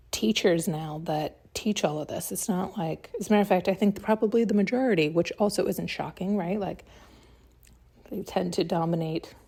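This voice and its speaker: A woman's voice: medium pitch, vocal fry, warm tone, husky. A woman hosting a podcast, giving a blunt, heated solo monologue during an intuitive reading and swearing freely. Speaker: podcast host.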